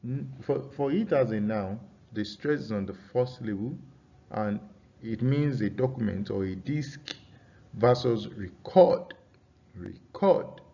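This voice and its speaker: A man teaching an English pronunciation lesson, dictating deliberately and repeating key phrases so students can take notes. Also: mid-range voice, vocal fry, warm tone. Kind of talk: classroom-style dictated lesson. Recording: slightly dull lo-fi recording.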